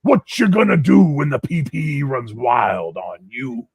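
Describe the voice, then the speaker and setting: A man putting on a shouting pro wrestler impression in a loud wrestling promo style. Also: medium pitch, sing-song, measured pace, husky, no room sound, voice pushed up, heavily acted. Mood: pumped up.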